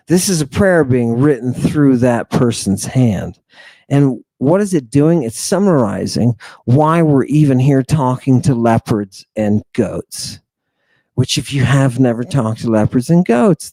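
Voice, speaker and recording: A man's voice: mid-range voice, dark tone, no echo. A man hosting a late-night podcast lecture, rambling and sardonic as he talks straight at his listeners. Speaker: podcast host.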